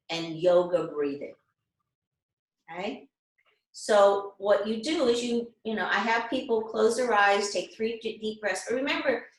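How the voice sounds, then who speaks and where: A woman's voice: medium pitch, reverberant, poor audio. A woman instructor leading an online class, guiding her students step by step and checking in with them often. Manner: gentle, guiding explanations with frequent check-ins. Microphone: video call.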